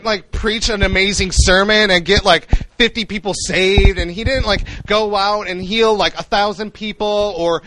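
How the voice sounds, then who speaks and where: A young man preaching a sermon in an animated way, acting out the voices he quotes. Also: high voice, low-quality recording.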